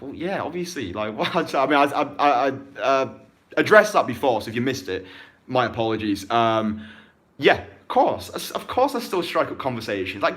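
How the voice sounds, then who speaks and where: Animated, profane British dating coach. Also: male voice. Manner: profane, emphatic, fast-swinging pitch. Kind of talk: motivational rant and Q&A vlog.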